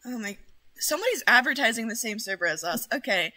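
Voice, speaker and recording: Give me a bright-voiced woman streamer who is excitable, bossy and swears often. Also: fairly high pitch, fast. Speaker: streamer host. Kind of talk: casual game stream chat.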